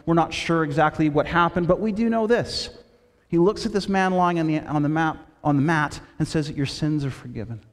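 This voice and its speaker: A man preaching a sermon, retelling stories in a lively way and dropping his voice low and quiet for quoted lines. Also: moderate pace, in a large hall. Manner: storytelling with quoted voices, shifting between loud and hushed. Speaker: pastor.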